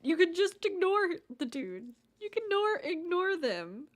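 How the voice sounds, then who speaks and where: A woman's voice: very high-pitched, sing-song, measured pace, few pauses. A young woman streamer reading online stories aloud and chatting casually with her viewers. She is laid-back, swears freely and talks while eating snacks.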